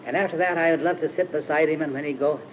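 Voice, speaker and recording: An older man with a fairly high voice tells stories in a loose, rambling sermon, stumbling over uh's and restarting his sentences. The sound is a dull, muffled old archive recording with faint hiss behind him. He is speaking at a camp meeting. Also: fairly even intonation. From Iowa, USA. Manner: rambling, halting, with many uh-hesitations and restarts. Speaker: speaker at a Christian retreat camp. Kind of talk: informal storytelling sermon.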